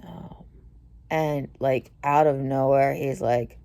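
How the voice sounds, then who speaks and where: A young woman telling a rambling, swear-heavy story to camera, mostly low-key and tired with sudden heated outbursts. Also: fairly even intonation, slow pace, dark tone. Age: young adult. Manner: swears a lot, rambling with many fillers. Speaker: vlogger. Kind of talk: casual storytelling rant.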